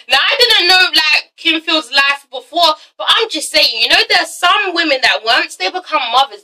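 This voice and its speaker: A woman's voice: sits high, expressive, moderate pace, hardly any pauses, pushed and bright, far from the mic, rough recording. A young woman giving a blunt, swear-filled casual commentary review, often tagging her points with "okay?". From England. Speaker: reality TV reviewer.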